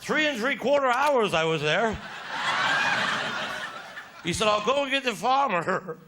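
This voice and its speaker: Bawdy Cornish comedian, lively high voice. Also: male voice, unhurried. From Cornwall, England. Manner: bawdy rural yarn-spinning with heckler put-downs. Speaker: stand-up comedian. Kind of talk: live stand-up storytelling. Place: theatre stage before a live audience. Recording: live show with loud audience laughter and noise.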